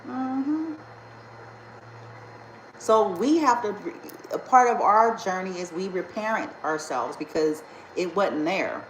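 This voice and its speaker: A woman's voice: fairly low pitch, animated, a little slow, echoey room, slight background noise, poor audio. A woman speaking as a spiritual healer in a casual vlog, blunt, indignant and emphatic, and she swears freely.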